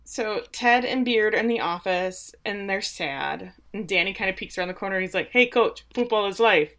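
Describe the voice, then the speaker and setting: A woman's voice: mid-range voice, a little fast, fairly bright tone. A woman co-hosting a casual chat, animatedly retelling scenes and acting out quoted lines. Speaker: podcast co-host. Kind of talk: casual chat recapping a show.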